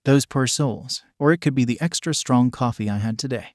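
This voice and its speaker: A man's voice: mid-range voice, moderate pace, a little mellow, no room sound, studio quality, natural voice. A man reading as a gleeful scheming animal principal. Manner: cackling, delighted by mischief.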